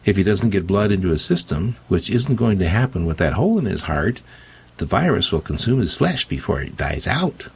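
A man voicing a cool, commanding female vampire gunwoman who speaks calmly and matter-of-factly. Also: sits low, normal speed, gravelly, breathy edge, exaggerated voice.

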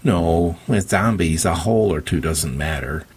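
A man voicing a cool female vampire with a pistol, calm and matter-of-fact. The voice sits a touch higher than his own and stays husky in a storybook reading. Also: a little slow, heavily acted.

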